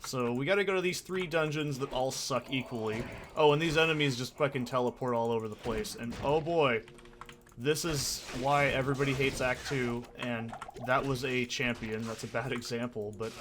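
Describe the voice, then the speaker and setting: A man's voice: mid-range voice, background noise. A young man ranting and swearing through casual commentary on his gameplay, with sarcastic asides. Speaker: let's play host.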